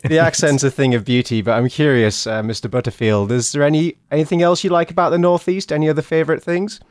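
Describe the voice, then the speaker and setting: A man's voice: on the high side, fast talker, no echo, clean studio sound. A man co-hosting a comedy podcast, speaking in a mock-earnest, playful way. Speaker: podcast co-host. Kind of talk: casual comedic chat.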